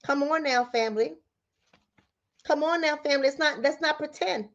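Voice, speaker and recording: A woman with a New York accent from the Bronx, talking fast and preaching to her viewers with rhetorical questions. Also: high-pitched, lo-fi sound. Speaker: relationship coach and commentator. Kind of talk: direct-to-camera commentary.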